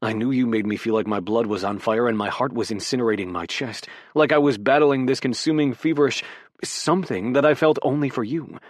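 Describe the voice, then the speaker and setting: A man voicing a gruff but tender adult male footballer, speaking low and hushed in an audiobook. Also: brisk, no room sound, clean studio sound, lightly acted. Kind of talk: audiobook character voice.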